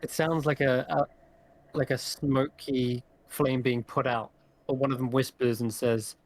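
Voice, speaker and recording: A man's voice: mid-range voice, little pitch movement, unhurried. A man running a tabletop role-playing game as game master, describing scenes in detail and laughing easily.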